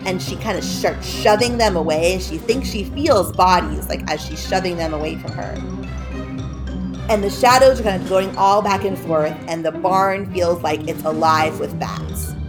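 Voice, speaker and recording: A woman's voice: fairly low pitch, normal speed, music in the background. A woman retelling a spooky story in a loose, chatty way, peppered with "like" and "kinda".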